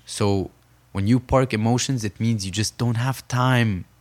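A young man with a fairly low voice tells his story as a podcast guest. He talks in an earnest, emphatic way and repeats key phrases to drive them home. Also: fairly even intonation, a little slow, darkish tone. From Saudi Arabia. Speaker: podcast guest, professional boxer.

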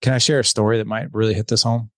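A middle-aged man, a podcast guest, telling an animated story and acting out the dialogue as he goes. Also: lowish voice, very fast, no echo, studio quality. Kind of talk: storytelling in casual conversation.

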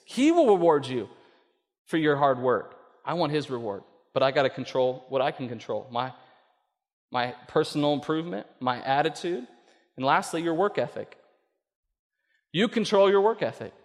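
A middle-aged male pastor preaching a sermon, telling a story and then pressing his point with loud emphasis. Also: fairly high pitch. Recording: long reverb of a large hall.

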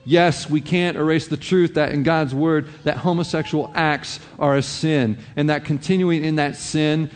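Male pastor, slightly higher voice, sermon in a big reverberant hall, chatty asides. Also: fairly even intonation, moderate pace, few pauses, slight background noise. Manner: conversational preaching with many "you know" asides.

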